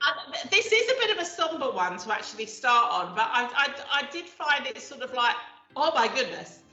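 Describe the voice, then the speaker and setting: A woman's voice: high voice, very animated, moderate pace, bright, forceful tone, echoey room, dull audio, faint music behind. A woman co-hosting a casual chat show, chatty and reading out facts from history. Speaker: co-host.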